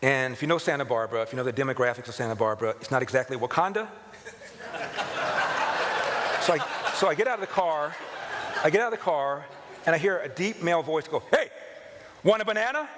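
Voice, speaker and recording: A man in his sixties, a radio talk show host, telling personal stories with animated, chuckling delivery. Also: a little high, quick pace, long pauses. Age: 60s. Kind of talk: anecdotal storytelling to an audience. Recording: reverberant hall with clear background noise.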